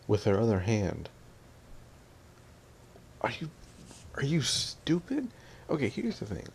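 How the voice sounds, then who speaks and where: A man's voice: fairly low pitch, vocal fry, a little mellow. A young man ranting in an audio vlog, annoyed and mimicking his family as he tells what happened. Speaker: vlogger.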